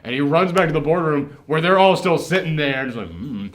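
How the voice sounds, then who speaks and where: A man's voice: fairly high pitch, a little fast. A man hosting a casual movie reaction chat, retelling scenes with animation and acting out the characters' lines. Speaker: podcast host.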